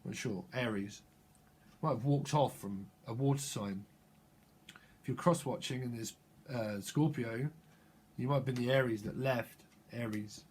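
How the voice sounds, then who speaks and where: A man's voice: medium pitch, a little slow, long pauses, darkish tone, a little hiss or hum. A man giving a tarot reading, free-associating through wordplay and chuckling as he goes. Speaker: tarot reader.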